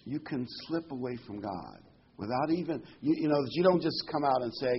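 A pastor preaching a sermon in a conversational, folksy way, repeating key words for emphasis. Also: male voice, mid-range voice, expressive, moderate pace, husky, highs cut off.

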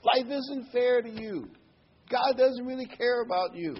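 A sly, taunting devil whispers doubts in a voice pitched far above a normal man's and drawn out slowly , as a preacher puts him on. The sound is dull and lo-fi. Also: a little hiss or hum.

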